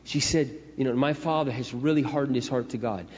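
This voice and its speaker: Middle-aged male pastor, conversational storytelling sermon, mid-pitched, recorded in a reverberant hall. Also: brisk, darkish tone. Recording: echoey hall, dull lo-fi sound.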